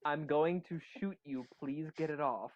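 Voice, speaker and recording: A man's voice: a little high, a little slow, highs cut off. A man playing a tabletop game, sounding dry and exasperated. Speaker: player.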